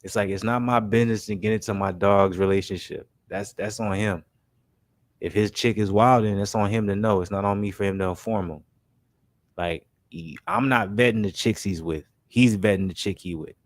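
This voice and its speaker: A man's voice: fairly low pitch, steady tone, no room sound. A young man hosting a live stream, chatting casually in slang and talking through made-up scenarios for his chat. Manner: laid-back, slangy, keeps saying "you know what I'm saying" and "man"; talks through made-up scenarios, voicing friends in quick quotes. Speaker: livestream basketball commentary host.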